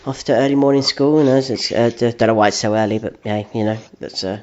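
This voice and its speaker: A man's voice: medium pitch, steady tone, fast talker, darkish tone. Dry, hesitant man on a lo-fi recording. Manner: hesitant, dry, playing along. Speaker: podcast co-host. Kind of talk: comic storytelling. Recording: dull lo-fi recording.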